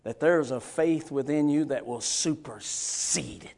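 A man preaching a sermon in a church, moving from soft, chuckling asides to impassioned shouting. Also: fairly high pitch, slow pace, gravelly. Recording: long reverb in a large hall.

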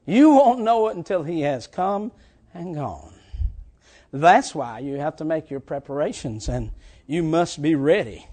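A man preaching a sermon, swinging between shouted lines and quiet, drawn-out ones. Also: fairly high pitch, big pitch swings.

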